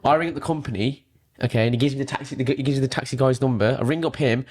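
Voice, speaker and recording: A man co-hosting a podcast, telling a story excitably, swearing freely and acting out quoted lines. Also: mid-range voice, fast. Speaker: podcast co-host. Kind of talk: animated storytelling chat.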